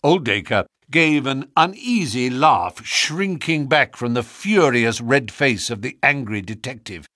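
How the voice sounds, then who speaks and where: Expressive male audiobook narrator. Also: medium pitch, dry recording, studio quality. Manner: expressive, measured storytelling.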